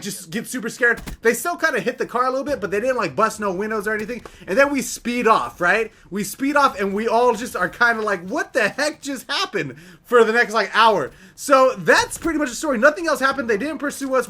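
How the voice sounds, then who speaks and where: A young man casually telling a story, chatty and animated, filling his talk with "like" and "right?". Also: extremely high pitch.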